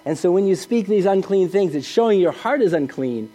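A middle-aged man preaching in a high voice with a mellow, warm tone. He talks earnestly and conversationally, restarting phrases and asking rhetorical questions. A faint mains hum sits under the recording. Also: expressive, brisk, few pauses. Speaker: pastor. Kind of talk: sermon.

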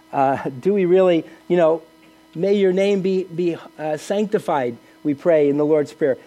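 Earnest preaching man, high and mellow. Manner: earnest, conversational preaching with frequent restarts and rhetorical questions. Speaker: pastor. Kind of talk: sermon.

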